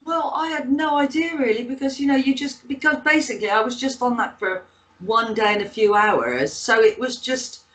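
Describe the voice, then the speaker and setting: A woman's voice: a little high, moderate pace, a bit bright, poor audio. Chatty woman with a Bristol accent. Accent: Bristol English. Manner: rambling anecdotal storytelling with frequent fillers. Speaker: guest, actress and author. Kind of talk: casual interview chat.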